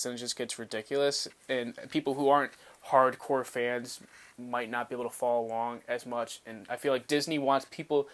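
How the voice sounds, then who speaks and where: Smooth-voiced male podcast co-host. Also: medium pitch. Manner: reasoning things out, earnest. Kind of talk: casual fan chat.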